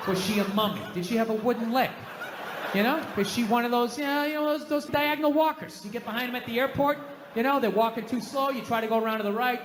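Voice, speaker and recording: A man with a Boston accent doing a stand-up routine, telling a story with animated rants. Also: high voice, noisy background. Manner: animated storytelling, ranting, big put-on voices. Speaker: stand-up comedian. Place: large hall before a live audience. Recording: echoey hall from a stage.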